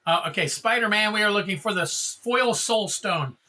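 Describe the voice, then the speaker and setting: Hosting a card-opening livestream, this man speaks at a moderate pace with a high, animated voice that sounds pushed and bright. He keeps up rambling, jokey chatter and names the cards as they come out.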